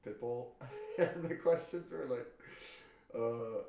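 A man's voice: medium pitch, slow pace, creaky, warm tone. A man rambling and riffing through silly bits in casual comedy podcast banter, often giggling. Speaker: comedian guest. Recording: roomy echo, distant mic, faint hiss.

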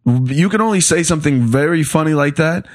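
Animated, profane male comedian. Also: on the high side, fairly quick, dry recording, clean studio sound. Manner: animated, profane, explains with rhetorical asides. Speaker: comedian, podcast guest. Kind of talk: casual podcast chat.

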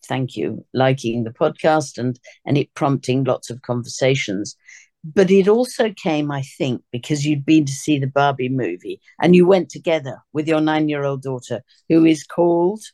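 A woman with a low, hoarse, gruff voice hosts a podcast interview. She talks in a loose, chatty way and drops in little asides as she goes. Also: dark tone. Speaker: podcast host.

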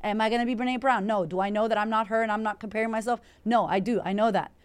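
A woman from Puerto Rico, a confidence coach hosting an Instagram live Q&A, talking in a brash, energetic way full of swearing while she answers viewer comments. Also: medium pitch, fast talker, smooth. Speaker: confidence coach and podcast host.

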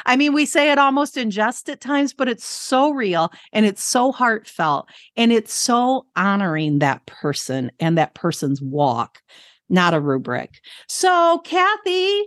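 A woman's voice: a little high, sing-song, measured pace, no room sound. Earnest mother telling a story, dry mic. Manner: earnest, emphatic, repeats key phrases. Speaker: podcast co-host, educator. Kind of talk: storytelling in casual chat.

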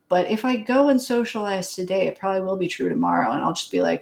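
Woman podcast co-host, lowish voice, candid and wry. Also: brisk, vocal fry, hardly any pauses. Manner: quiet, candid, self-deprecating. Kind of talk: casual podcast chat.

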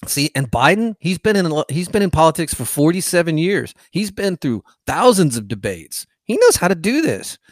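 A man's voice: a little high, sing-song, normal speed, hardly any pauses, no room sound, studio quality. A male podcast host giving frustrated, rambling political commentary.

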